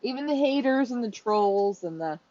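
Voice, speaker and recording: A woman's voice: on the high side, lively intonation, moderate pace, warm tone. Chatty woman host, muffled audio. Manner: candid, chatty, laughs often. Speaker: stream host. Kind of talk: live stream hosting. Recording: muffled audio with faint noise.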